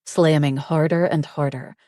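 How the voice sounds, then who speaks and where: A woman narrating a first-person romance audiobook in an intimate, breathy manner. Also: sits low, steady tone, a little slow, mellow, no echo, studio quality.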